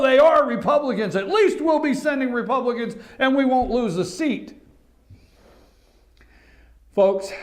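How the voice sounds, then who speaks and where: A man hosting a morning show from an office, giving impassioned political commentary that swings from calm talk to shouting. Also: sits high. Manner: impassioned, gets worked up and shouts, then calms down.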